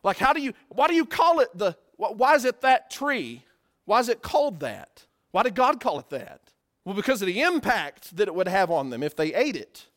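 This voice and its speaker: A man preaches a sermon in a high voice. He is animated, asks the listener rhetorical questions and acts out the voices of everyday people. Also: normal speed. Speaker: pastor.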